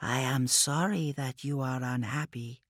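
A man voicing an eerie childlike warp entity that speaks through a boy, in a faint, slow, innocent whisper. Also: mid-range voice, no room sound, studio quality, pitched above the performer's own voice, lightly acted. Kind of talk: audiobook character voice.

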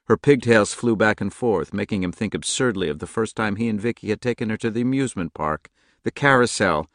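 A man narrating a novel in a steady, measured audiobook reading, close to the mic. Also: lowish voice, dry recording. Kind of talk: scripted narration.

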